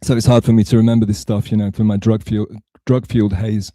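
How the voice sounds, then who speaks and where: A man's voice: on the low side, little pitch movement, quick pace, mellow, no room sound. A man from England talking on a livestream, rambling and self-mocking, with a sarcastic, digressive way of telling a story. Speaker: streamer.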